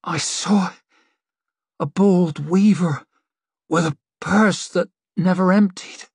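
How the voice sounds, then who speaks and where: A man voicing a young woman seer in a trance, her voice rough and hollow, in an audiobook. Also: sits high, steady tone, takes it slowly, no room sound, studio quality, voice pushed up, heavily acted.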